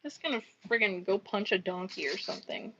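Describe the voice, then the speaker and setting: A woman's voice: mid-range voice, brisk, pushed and bright, slight background noise. A woman chatting casually on a live stream while crafting, rambling, swearing freely and muttering counts under her breath. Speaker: livestreaming crafter. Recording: dull lo-fi stream audio.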